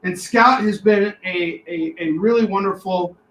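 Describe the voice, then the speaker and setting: High-voiced, hyped man pitching comic deals. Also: measured pace, roomy sound, slight background noise, poor audio. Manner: excitable, loud, shouts catchphrases. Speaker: co-host of a live comic shop sales show. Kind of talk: hyped live sales pitch.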